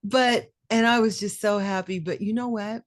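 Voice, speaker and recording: A middle-aged woman, a podcast co-host, telling a personal story in a casual, animated and emotional way. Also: mid-range voice, brisk, no room sound, studio quality. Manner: animated, emotional storyteller who acts out quoted voices.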